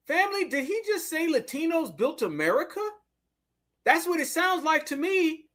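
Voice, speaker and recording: A man's voice: very high voice, big pitch swings, normal speed, fairly bright tone. A man giving blunt, sarcastic commentary to his viewers, calling them family. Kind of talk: casual commentary.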